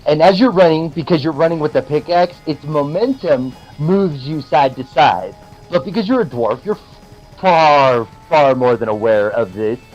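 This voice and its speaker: A man narrating as game master of a tabletop game, animated and cursing freely. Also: a little high, dull audio. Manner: animated, swearing, laughing.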